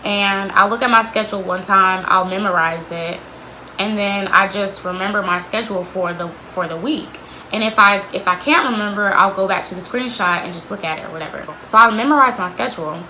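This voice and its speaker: A woman's voice: mid-range voice, pushed and bright, slight background noise, poor audio. A young woman vlogger telling a candid storytime about an old job, blunt and sweary, with lots of "like.". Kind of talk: storytime vlog.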